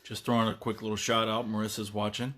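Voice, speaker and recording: A man's voice: fairly low pitch, flat delivery, fast talker, a bit bright. A man making teasing quips offscreen during a painting tutorial.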